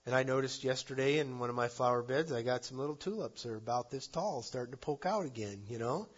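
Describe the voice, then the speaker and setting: A man preaching a sermon, earnest, rising to loud emphasis and dropping to soft endings. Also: medium pitch, quick pace, breathy edge, highs cut off. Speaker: pastor.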